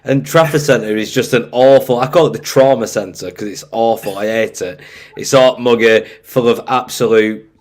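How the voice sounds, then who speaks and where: A man's voice: mid-range voice, normal speed. A man co-hosting a casual podcast chat, blunt and joking as he grumbles about things he dislikes. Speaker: podcast co-host.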